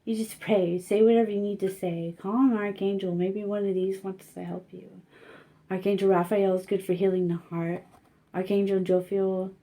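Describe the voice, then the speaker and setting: A woman with a medium-pitched voice gives a casual spiritual card reading, speaking gently and haltingly with many fillers.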